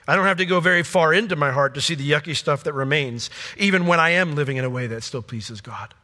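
A man preaching a sermon with passion, his voice swinging from loud peaks to hushed, quiet lines. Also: a little high, quick pace. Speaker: pastor. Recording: long hall reverb.

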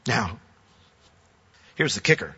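A man's voice: on the low side, big pitch swings, slow pace, bright, forceful tone, breathy edge. Earnest older man preaching in a hall. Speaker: pastor. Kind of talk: sermon. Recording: dull reverberant hall.

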